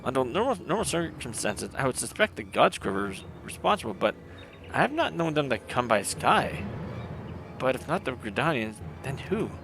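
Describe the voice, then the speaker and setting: A man voicing a confident, wordy male engineer who talks briskly. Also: medium pitch, big pitch swings, gravelly, noisy background.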